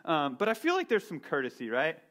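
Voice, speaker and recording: This pastor's fairly high, fairly bright voice swings hugely in pitch and runs a little fast as he delivers a relaxed, self-deprecating sermon built on his own story, checking in with "right?" again and again.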